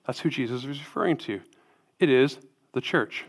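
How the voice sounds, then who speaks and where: A man's voice: medium pitch, lively intonation, normal speed, creaky. A man preaching a sermon as pastor, emphatic, asking rhetorical questions and tagging lines with "right?".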